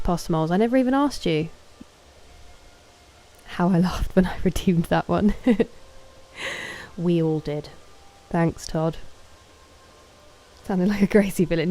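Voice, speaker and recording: A woman's voice: lowish voice, a little slow, pauses often, warm tone, poor audio. A woman streaming a game, chatting casually with her viewers, greeting and thanking them and answering their questions.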